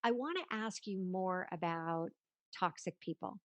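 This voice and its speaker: A woman's voice: on the low side, a little slow, dry recording. A woman hosting a podcast interview, chatting casually and asking questions. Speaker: podcast host.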